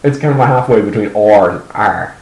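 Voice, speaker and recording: A man's voice: lowish voice, a little fast, darkish tone, reverberant, rough recording. A man co-hosting a podcast in casual chat, joking and exaggerating, laughing often. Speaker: podcast co-host.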